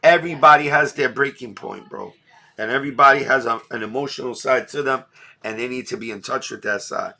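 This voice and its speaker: New dad ranting on his stream, bright voice, lots of bro and dog. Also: mid-range voice, brisk. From New York. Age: middle-aged. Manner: blunt, repetitive street slang. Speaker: livestream host. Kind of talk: emotional casual livestream talk.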